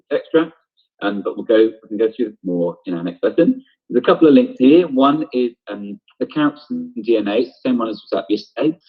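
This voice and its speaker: A man's voice: fairly low pitch, slightly rough. A man teaching an online drama lesson over a video call, explaining step by step and often checking in with "okay?". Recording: dull lo-fi video call audio.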